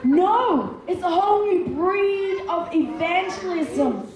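A woman's voice: extremely high pitch, expressive, slow pace, darkish tone, slight background noise. A woman preacher giving a sermon with Bible readings, emphatic and repeating words for effect. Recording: echoey room with faint ambience.

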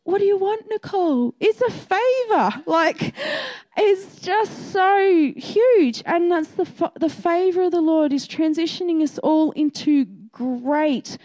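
Chatty high-voiced woman sharing faith. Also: slow pace. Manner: chatty, animated, acts out her own reactions. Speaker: midwife sharing a faith message. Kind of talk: casual testimony and encouragement.

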